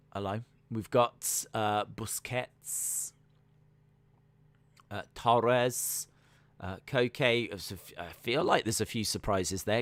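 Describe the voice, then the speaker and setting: A man hosting a casual live-stream watch-along, chatting and answering viewer comments, with sudden excited bursts that trail off quietly. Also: medium pitch, clear, resonant tone, no echo.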